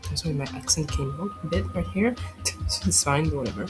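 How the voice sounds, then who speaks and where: Low-voiced woman reading a game aloud. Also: a little fast, over music, poor audio. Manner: profane, joking asides, some stuttering. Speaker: game streamer. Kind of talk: reading a visual novel aloud with commentary.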